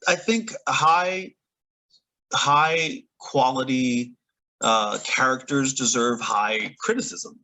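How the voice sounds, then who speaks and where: A man giving a casual, opinionated TV episode recap, animated and often laughing between points. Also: mid-range voice, rough recording. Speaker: TV recap reviewer. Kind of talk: casual reaction review.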